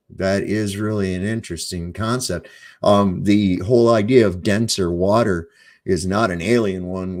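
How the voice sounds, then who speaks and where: Deep, low male livestream host; loose, profane, rambling chat. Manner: rambling and profane, with frequent fillers.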